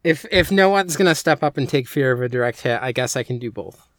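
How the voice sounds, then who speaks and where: Male podcast host, casual and hesitant, mid pitch, dry close mic. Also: lively intonation, fairly quick, a bit bright, no echo. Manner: hesitant, lots of ums. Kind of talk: casual chat.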